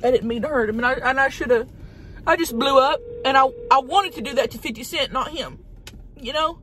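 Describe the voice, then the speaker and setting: A woman's voice: sits high, a little fast, a bit bright, slight background noise. A woman playing a brash, hot-tempered woman, who rambles profanely and dramatically in a comedic monologue from a parked car. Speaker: vlogger.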